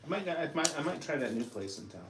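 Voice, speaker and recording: A man's voice: on the high side, sing-song, quick pace, background noise. A man co-hosting a crafting show who reads out viewer comments and adds dry, joking asides in casual banter. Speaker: co-host reading viewer comments.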